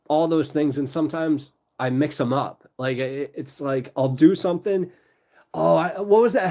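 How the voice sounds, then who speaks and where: A man's voice: mid-range voice, a little mellow. Chatty, laughing man on a livestream. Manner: laid-back and chatty, laughing often, rambling asides. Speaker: livestream host and storyteller. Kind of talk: casual livestream chat with viewers.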